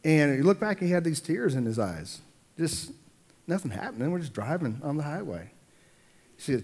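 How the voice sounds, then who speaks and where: A middle-aged man preaching a sermon as pastor, animated, often repeating words as he builds a point. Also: fairly high pitch, normal speed, pauses often. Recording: long hall reverb.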